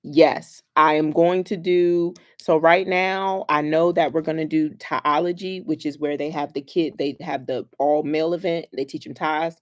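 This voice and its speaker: This young woman, a school counselor, speaks low at a moderate pace with hardly any pauses. Chatting casually with families on a livestream, she tells lively stories, laughs a lot and uses playful slang.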